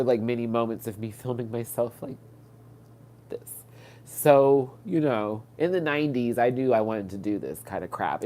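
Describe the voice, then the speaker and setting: Low-pitched and darkish, this man's voice comes through a webcam or phone mic on a live stream he's hosting. Congested from crying, he wanders through casual personal stories, stumbling over fillers and restarting often.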